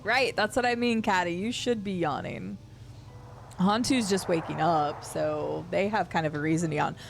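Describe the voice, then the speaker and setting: A woman's voice: fairly low pitch, normal speed, creaky, soft background music. A woman streamer chatting casually and playfully with her viewers while playing a game. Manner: chatty, rambling, playful with chat. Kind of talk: casual chat while gaming.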